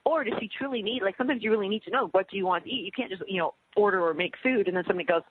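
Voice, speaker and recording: A woman co-host talks quickly and eagerly, restarting and trailing her sentences. Her voice is a little breathy. It sounds dry and narrow, like a phone line. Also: medium pitch, dry recording. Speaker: radio show co-host. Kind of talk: casual radio chat.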